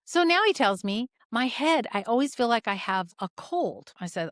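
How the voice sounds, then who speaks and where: A woman hosting a podcast as a health practitioner, retelling a patient case in a casual, animated way and acting out both sides of the conversation. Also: fairly quick, no echo, clean studio sound. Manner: animated, acts out both sides of conversations with big pitch jumps. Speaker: podcast host and functional medicine practitioner. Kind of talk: casual storytelling of a clinical case.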